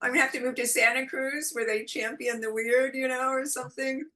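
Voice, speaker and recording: A woman talking as a guest in a relaxed interview, expressive and quick to laugh. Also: sits high. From California. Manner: expressive, animated, laughs often. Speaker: podcast guest, intuitive guide. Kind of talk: casual interview chat.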